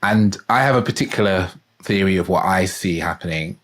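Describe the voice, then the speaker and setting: Male podcast host, very deep, husky, reflective interviewer. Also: a little fast, a bit bright.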